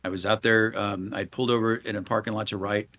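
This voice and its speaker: A man in his forties speaks as a guest in a podcast interview. His voice sits on the low side. He talks in an earnest, halting way and often restarts his sentences. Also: level tone, bright, forceful tone. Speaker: police leader and guest.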